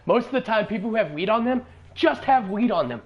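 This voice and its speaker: A man's voice: high-pitched, animated, a little fast, slightly rough, muffled recording. A young man teasing his co-host in casual, profane podcast chat. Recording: noisy home podcast recording.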